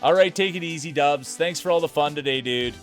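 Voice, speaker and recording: A man's voice: on the high side, a little fast, soft background music. A man from Saskatchewan with a thick Saskatchewan Canadian accent, giving playful, hype-man commentary on a live-streamed marble race.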